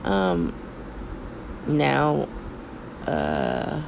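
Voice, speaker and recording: Slow, gravelly-voiced woman podcast host. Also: very deep voice, sing-song, background noise. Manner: rambling, filler-heavy, frank and a bit crude. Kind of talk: casual podcast chat.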